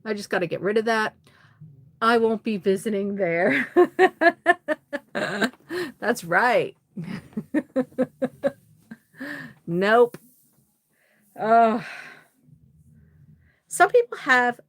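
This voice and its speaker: A woman's voice: medium pitch, vocal fry, no echo. A woman hosting a casual livestream, reading out viewer comments and chatting back with laughs and exclamations. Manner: chatty, reads comments aloud and reacts with laughs.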